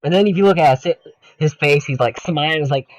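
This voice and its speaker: A man's voice: a little high, fairly quick, no room sound, low-quality recording. A man co-hosting a podcast, chatting casually and profanely about a comedy film while quoting its lines. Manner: loose and profane, quoting lines in mock voices. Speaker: podcast co-host. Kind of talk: casual movie review chat.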